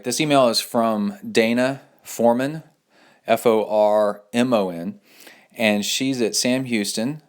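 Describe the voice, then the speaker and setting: A middle-aged man hosting a casual solo podcast, rambling with many fillers and restarts, and acting out quotes in a raised voice. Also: on the low side. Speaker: podcast host and coach.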